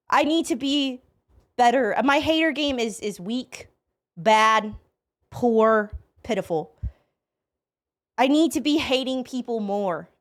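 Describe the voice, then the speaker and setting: A woman streamer giving casual, profane reaction commentary, rambling with lots of fillers and restarts. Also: a little high. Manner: animated, laughing bursts.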